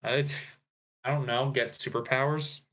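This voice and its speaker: A man's voice: medium pitch, steady tone, moderate pace, bright, forceful tone. A man co-hosting a podcast in casual chat, retelling a script with fillers and asides. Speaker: podcast co-host.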